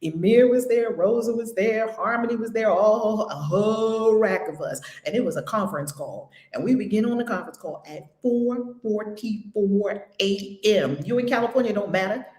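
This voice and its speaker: A woman's voice: mid-range voice, moderate pace, hardly any pauses, darkish tone, reverberant. A woman hosting a spiritual group call, talking in an exuberant, preacherly way with frequent laughter and repeated phrases. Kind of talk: casual inspirational talk.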